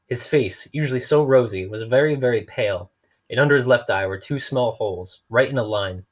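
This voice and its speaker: A man's voice: medium pitch, fairly quick. A man reading a novel aloud in a dry, wry storytelling manner. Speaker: reader.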